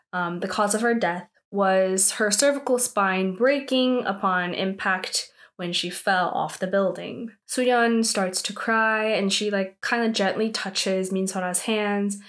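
A woman casually recapping a TV drama episode, chatty and animated, with lots of fillers and acted-out quotes. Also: medium pitch, takes it slowly.

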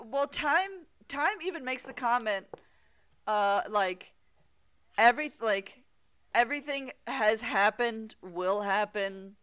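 A podcast co-host in casual talk about comics, speaking deliberately with hedging fillers and quick laughs. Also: medium pitch, pushed and bright, smooth, no echo.

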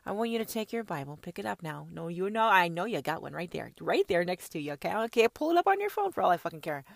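A woman hosting a profane, confrontational monologue, preaching hard at her listeners and swinging between shouts and hushed whispers. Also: fairly low pitch, big pitch swings, quick pace, creaky, dry recording, clean studio sound. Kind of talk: ranting monologue.

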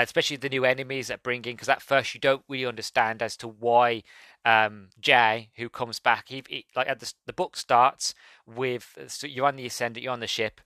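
A man's voice: medium pitch, pushed and bright, no room sound. A man hosting a podcast, giving a casual, enthusiastic book review that rambles and corrects itself as he goes.

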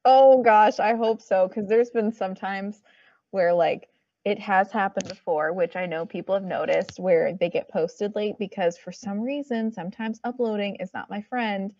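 A woman's voice: medium pitch, normal speed, warm tone, lo-fi sound. A woman library staffer and story time presenter chatting casually, eager and a little apologetic, with lots of fillers. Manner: enthusiastic and a bit apologetic, filler-heavy. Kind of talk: casual podcast chat.

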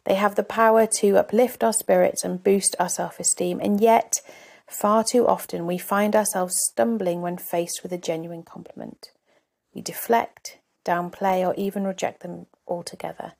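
A woman's voice: on the low side, fairly even intonation, normal speed, vocal fry, a little mellow. A woman coach hosting her own podcast, talking candidly and reflectively in a conversational way. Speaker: life coach and podcast host. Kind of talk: solo podcast talk.

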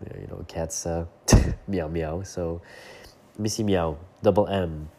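A man with a very low, mellow voice hosts his own podcast, sounding nasal and stuffed up from hay fever. He talks in an easygoing, unscripted way, often stopping with "uh" and "um" as he hunts for the right words. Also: a little slow, gravelly. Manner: relaxed, searching for words with frequent fillers. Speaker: podcast host and coach. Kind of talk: casual solo podcast monologue.

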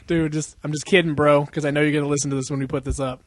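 A man's voice: fairly high pitch, little pitch movement, a little fast, long pauses, no room sound. Laid-back profane young man. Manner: rambling, profane, laughs a lot, acts out quotes. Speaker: podcast co-host. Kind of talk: casual chat.

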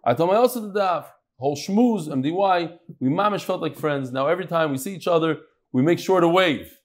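A man's voice: on the high side, a little fast. A man teaching a live class, reading out listener messages and adding casual asides, full of Yiddish and Hebrew terms.

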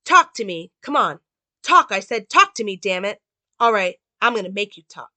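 A woman voicing a desperate young mother who is urgent and high-strung as she pleads to be believed. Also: very animated, fast, pushed and bright, no echo, heavily acted. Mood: demanding.

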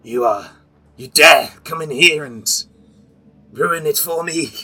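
A man's voice: fairly high pitch, slow pace, sharp tone, voice pushed up, heavily acted. Man doing an enraged snake-woman, screaming. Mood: furious. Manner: screaming, hissing and accusing. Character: furious serpent woman guarding her ruined city.

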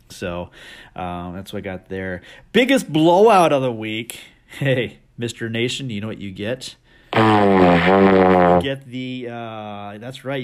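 A man hosting a fantasy football league podcast, recapping the week in a rowdy, joking way and teasing the league members. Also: medium pitch. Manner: energetic with big swings in loudness.

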